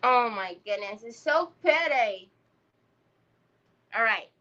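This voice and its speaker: A woman's voice: on the high side, expressive, slow, sharp tone, lo-fi sound. A middle-aged woman, chatting and telling stories to viewers while crafting on a live stream. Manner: chatty storytelling, talks to viewers. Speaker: craft livestream host. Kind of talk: casual chat while crafting.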